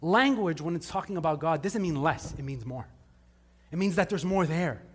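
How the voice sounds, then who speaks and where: Male pastor, high voice, chatty sermon with quick jokes to the congregation, big reverberant hall. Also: expressive, husky. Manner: casual, joking asides with the congregation. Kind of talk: conversational sermon. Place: church service before a live congregation.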